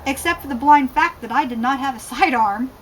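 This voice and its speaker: A woman reads her own novel aloud in a fairly high voice, calm and steady between passages. Now and then she pauses to talk about the writing. A faint hum of noise sits behind her. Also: low-quality recording. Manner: calm reading with asides about the text.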